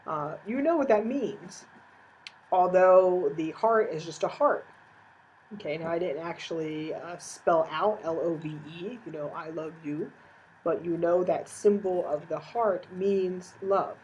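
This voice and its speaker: A woman's voice: on the low side, measured pace, darkish tone, lo-fi sound, a little hiss or hum. A woman giving a recorded course lecture, explaining step by step with frequent "uh" fillers.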